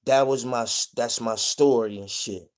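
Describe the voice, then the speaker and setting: A man from the Pittsburgh area spins a long personal vlog story in thick street slang. He swears freely, rambles, restarts his sentences and keeps tossing "you dig?" at the listener, at an ordinary mid pitch. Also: steady tone, moderate pace. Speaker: vlogger telling prison stories. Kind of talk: casual storytelling monologue.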